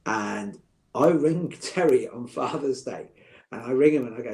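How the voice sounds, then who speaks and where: Middle-aged guy, gravelly low-key voice, jokey and warm-hearted chat. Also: unhurried. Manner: chatty, joking, heartfelt. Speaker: podcast guest. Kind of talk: casual chat.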